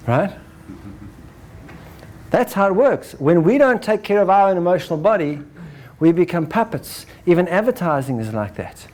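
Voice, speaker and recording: Brief: higher-voiced man lecturing a crowd, lively, acts out his examples. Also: moderate pace, pauses often. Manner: animated, acts out examples, ends points with "right?". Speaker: speaker. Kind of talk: lecture to an audience.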